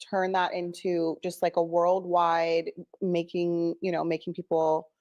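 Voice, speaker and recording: A woman's voice: on the low side, completely flat delivery, a little slow, a little mellow, highs cut off. A woman hosting an interview, asking questions and affirming her guest. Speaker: interview host. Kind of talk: conversational interview.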